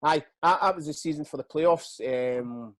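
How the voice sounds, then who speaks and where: Middle-aged scottish guy telling footy stories, bit high pitched, dead dry sound, lots of swearing. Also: normal speed, no echo. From Scotland. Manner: swears freely, acts out others in quotes. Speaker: guest, retired footballer. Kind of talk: casual storytelling interview.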